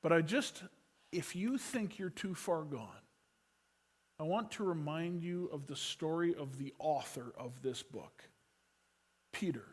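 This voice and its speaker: Middle-aged male pastor with a slightly high voice, slow and storytelling, rising to loud urgency and dropping to a hush. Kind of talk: sermon.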